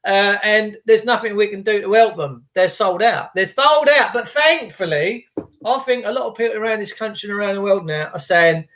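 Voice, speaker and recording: High-voiced man chatting on a livestream. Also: a little fast, fairly bright tone. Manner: rambling, chatty, greets viewers by name. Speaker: livestream host. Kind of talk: casual live chat with viewers.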